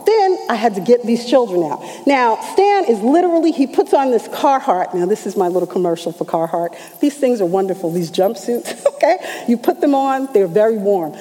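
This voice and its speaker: A middle-aged woman church elder telling a testimony in an animated storytelling manner, acting out the voices she quotes. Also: a little high, moderate pace, hardly any pauses, in a large hall, low-quality recording. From New York. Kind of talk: testimony sermon.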